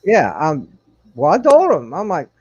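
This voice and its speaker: A man in his forties who tells stories in a blunt, profane, matter-of-fact way. His voice sits a little high. The sound is dry and close, with a dull, lo-fi band. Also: huge pitch swings, a little slow, darkish tone, husky, no echo. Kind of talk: casual chat.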